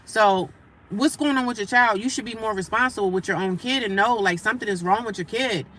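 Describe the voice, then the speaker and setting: Near a homeless shelter, a woman livestreams casual talk about her daily life, animated and emphatic, repeating her points and pausing to greet passersby. Her voice is medium-pitched and a little fast.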